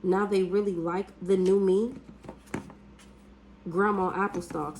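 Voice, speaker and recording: A woman doing a casual spiritual reading, blunt and profane, with drawn-out hums and exclamations. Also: mid-range voice, a little mellow, a little hiss or hum, poor audio. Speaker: spiritual reader.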